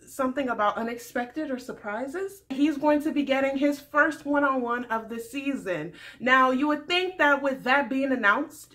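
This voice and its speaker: Young woman doing a sassy tv recap, high-ish voice, real bright and forceful. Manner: sassy, animated storytelling. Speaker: recap vlogger. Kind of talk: casual TV recap commentary.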